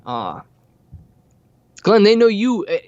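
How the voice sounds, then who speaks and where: A man's voice: sits high, wildly swooping pitch, slow, darkish tone, lo-fi sound. A man appearing as a guest on a market livestream, easygoing and cracking self-deprecating jokes. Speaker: guest analyst. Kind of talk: casual livestream banter.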